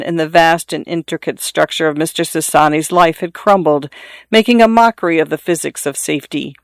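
A man narrates a literary novel with a measured, unhurried storytelling delivery. His voice sits somewhat high for a man and sounds smooth and resonant. The recording is dry and close, with no room sound. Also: no echo. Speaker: audiobook narrator.

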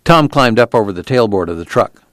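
Man, audiobook narration, steady, low voice, dry sound. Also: a little fast, no echo. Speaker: audiobook reader. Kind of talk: novel reading.

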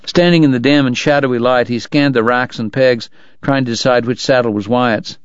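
A man narrating a novel aloud for a radio book program, in a measured, dramatic delivery. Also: medium pitch, fairly even intonation, clear, resonant tone, no echo, lo-fi sound. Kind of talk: audiobook narration.

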